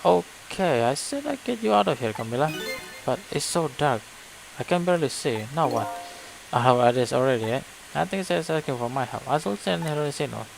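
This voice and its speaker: A man's voice: fairly high pitch, expressive, a little fast, gravelly, low-quality recording. A man reading a wry, musing male ghost. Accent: Indonesian. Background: game music.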